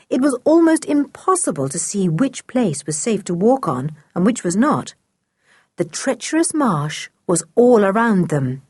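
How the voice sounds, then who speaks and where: A woman narrating a children's audiobook with an expressive reading. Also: medium pitch, breathy edge, no room sound, clean studio sound. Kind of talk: storybook narration.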